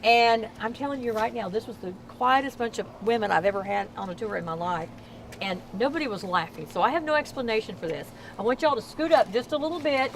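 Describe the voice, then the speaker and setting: A chatty middle-aged woman with a Southern Texas accent tells ghost stories on a night-time walking tour, raising her voice so the group can hear. Her voice sits a little high. Faint street noise runs under the recording from a tour member's camera. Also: brisk, poor audio. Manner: chatty, folksy, projects to a crowd. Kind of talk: storytelling tour talk to a crowd. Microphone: camera held by a tour member.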